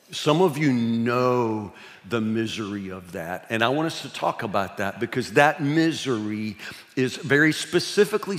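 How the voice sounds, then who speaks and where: A man's voice: medium pitch, fairly bright tone. A man, preaching a sermon in a folksy, self-mocking storytelling way. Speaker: pastor. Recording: long hall reverb.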